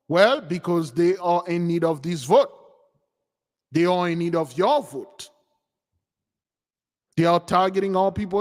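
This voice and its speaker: A man hosting a spiritual channel, preaching casually to followers in an animated, emphatic and mocking way. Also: high-pitched, normal speed, long reverb tail. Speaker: channel host giving a spiritual talk.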